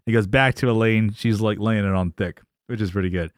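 A man's voice: lowish voice, fairly quick, dry recording, studio quality. A man co-hosting a casual podcast, animatedly recapping a sitcom episode and acting out the characters' lines. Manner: animated retelling with quoted voices and laughs. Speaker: podcast co-host.

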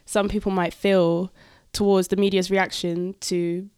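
A woman's voice: medium pitch, flat delivery, a little slow, darkish tone, smooth, no echo, studio quality. A young woman co-hosting a podcast, congested from a cold, blunt and jokey in casual chat. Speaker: podcast co-host.

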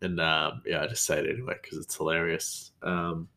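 A man's voice: rumbling low, level tone, moderate pace, pushed and bright. A man hosting a podcast, telling work stories in a rambling, casual way with many restarts. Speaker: podcast host. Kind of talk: casual storytelling monologue.

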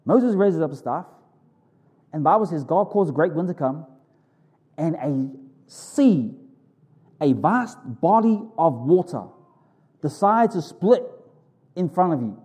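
A pastor preaching a sermon in an informal, animated way, telling stories vividly and breaking off for quick self-corrections. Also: male voice, husky. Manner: animated, vivid storytelling with sudden high exclamations.

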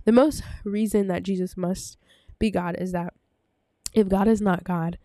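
A woman's voice: mid-range voice, steady tone, unhurried, warm tone, no room sound. A woman giving a casual Bible talk, rambling with many fillers and self-corrections, a little out of breath. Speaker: bible teacher. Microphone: desk microphone.

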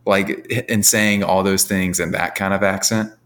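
A man with a fairly low voice trades wry, joking banter as a podcast co-host. His delivery is loose and conversational. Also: fairly even intonation, measured pace, fairly bright tone. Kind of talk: casual sports podcast chat.

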